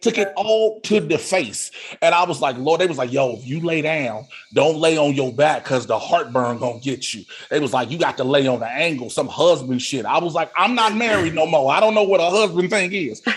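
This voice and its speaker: Co-hosting a comedy show over a video call from his home setup, a man tells a stand-up-style story, laughing throughout and acting out his own yelps and shouts. His slightly high, breathy-edged voice is fairly quick with few pauses, picked up by the video call mic.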